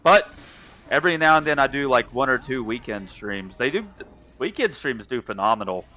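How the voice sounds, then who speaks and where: Chatty and responsive to his live chat, this young gamer talks casually with viewers mid-stream. He speaks in a mid-range voice that's pushed and bright, at a moderate pace with lively intonation.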